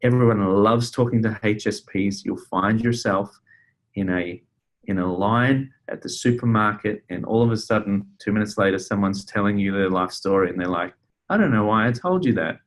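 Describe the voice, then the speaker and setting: A man's voice: on the low side, steady tone, normal speed. A man presenting a webinar in a conversational way, a counselor who talks with fillers and restarts. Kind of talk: casual webinar teaching.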